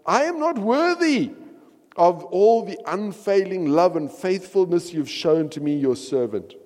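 A man's voice: high voice, lively intonation, unhurried, darkish tone, in a large hall, pitched above the performer's own voice. A man voicing a frightened man who prays earnestly and with strong emphasis. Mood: pleading. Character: frightened man pleading with God.

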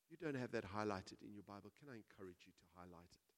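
A man preaching a sermon as pastor, telling a story with big swings between hushed and loud delivery. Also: on the low side, lively intonation, fast talker. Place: church hall. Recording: reverberant church hall.

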